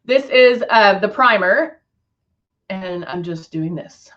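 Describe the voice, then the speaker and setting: Chatty middle-aged woman, live makeup host, lively up-and-down voice, slightly dull lo-fi sound. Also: medium pitch, slow pace. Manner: chatty, laughs often, reads viewer comments aloud. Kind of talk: casual live makeup demo chat.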